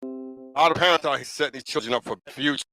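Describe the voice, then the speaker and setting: A man's voice: mid-range voice, very fast, sharp tone, faint music behind. A man hosting a podcast, giving his opinions in a blunt, repetitive, insistent way and often checking in with the listener. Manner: blunt, emphatic and repetitive, with frequent "you know what I'm saying". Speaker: podcast talk show host. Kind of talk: casual opinion monologue.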